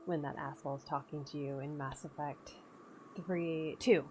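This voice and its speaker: A woman's voice: low-pitched, steady tone, moderate pace, noisy background. A woman streamer chatting casually over gameplay, laughing often and swearing freely. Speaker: game streamer.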